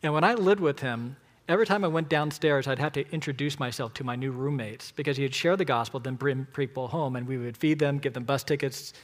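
A man's voice: mid-range voice, fairly quick. A man preaching a sermon, emphatic, counting off points and putting rhetorical questions to his listeners. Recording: long hall reverb.

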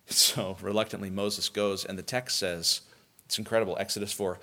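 A man's voice: on the low side, fairly even intonation, normal speed, sharp tone. Emphatic male preacher delivering a sermon. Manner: emphatic, repeats key lines for emphasis. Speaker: pastor.

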